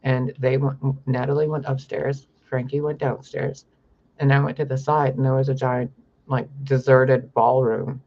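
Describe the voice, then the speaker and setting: Young guy ranting to camera, gravelly husky voice, swears a lot, kinda muffled lo-fi audio. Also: mid-range voice, little pitch movement, a little slow, a little mellow. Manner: profane, rambling. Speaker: spiritual vlogger. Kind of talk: rambling monologue to camera.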